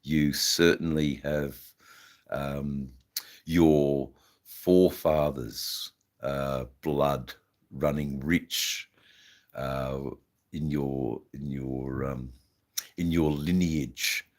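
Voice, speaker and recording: Australian male streamer, deep and slow, halting laid-back chat full of slang. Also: fairly even intonation. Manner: smoking while talking. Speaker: livestream host. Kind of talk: casual live-stream chat.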